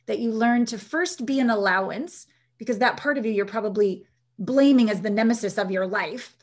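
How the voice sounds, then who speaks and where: A woman intimacy coach, speaking at a moderate pace in a voice on the high side, shares stories as an interview guest. She tells them animatedly, voicing the lines of the people she describes.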